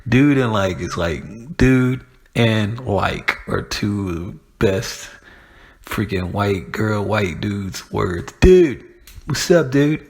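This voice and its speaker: Gravelly, husky male host, rambling and profane, loose monologue. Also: lowish voice. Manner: rambling, profane, laughing asides. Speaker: podcast host. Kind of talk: casual monologue.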